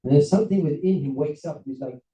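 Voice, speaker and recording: Man, rabbi, animated storytelling lecture, acts out characters, dark mellow tone, roomy echo, off-mic. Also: a little high, fast, far from the mic. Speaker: rabbi giving a seminar talk.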